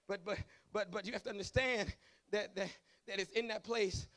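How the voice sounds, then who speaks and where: A man preaching a sermon to his congregation. He swings from chatty asides to fervent shouting. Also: high voice, fairly even intonation, moderate pace. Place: church service.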